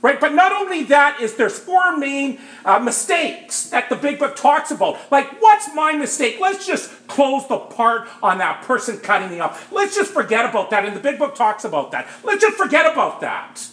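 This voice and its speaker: A man with a very high, bright voice gives an emphatic testimony to a group. He keeps asking "Right?" and turns louder at points. The sound is roomy and echoey. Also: animated, moderate pace, few pauses. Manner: emphatic, asks "Right?" often, bursts louder at times. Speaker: speaker sharing his recovery story.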